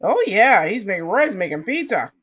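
A woman's voice: mid-range voice, sing-song, moderate pace, a bit bright, slightly rough. A woman casually commenting on her life-simulation gameplay and chatting to her characters as she plays. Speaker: gaming channel host.

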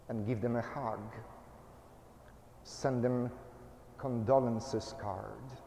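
A male pastor giving a sermon in a measured way, in short phrases. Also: medium pitch, fairly even intonation, gravelly, mellow, reverberant, long reverb tail, a little hiss or hum.

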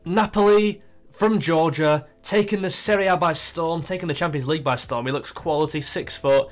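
A young man chatting casually as he plays a football management game, thinking aloud and getting excited. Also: on the high side, moderate pace. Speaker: gaming YouTuber. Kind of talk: casual gameplay commentary.

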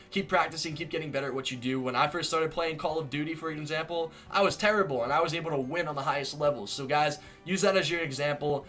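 A young man telling a story to camera in a casual vlog, animated and exaggerated, slipping into voices as he retells it. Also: on the high side. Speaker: vlogger.

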